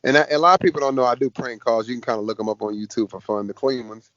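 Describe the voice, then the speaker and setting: A man, a fighter being interviewed, telling stories in a casual, lively way. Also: mid-range voice, racing, no echo. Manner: lively storyteller, acts out quoted voices. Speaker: MMA fighter guest. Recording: dull dry podcast audio.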